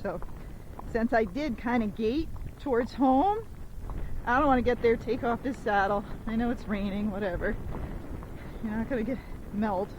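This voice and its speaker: A woman horse trainer riding outdoors in the rain, explaining each move in a casual, chatty way and counting the gait beats aloud in a steady rhythm, recorded on a phone mic while she rides. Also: on the high side, normal speed, long pauses, lo-fi sound, slight background noise. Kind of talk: instructional commentary while riding.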